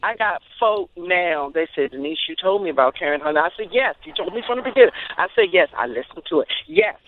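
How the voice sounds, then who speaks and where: A woman's voice: on the low side, lively intonation, fast talker. A woman calling in to a radio show, speaking from the heart in heartfelt, emotional praise. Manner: emotional, heartfelt, churchy affirmations. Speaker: caller. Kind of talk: call-in comment. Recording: tinny phone line.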